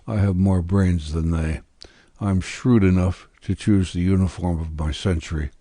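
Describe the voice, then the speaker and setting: A man's voice: low voice, steady tone, a little slow, mellow, dry recording, studio quality. A man reading aloud as a young, ambitious, scheming peasant-born man, bitter and intense, with defiant outbursts. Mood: sly. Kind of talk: audiobook character reading.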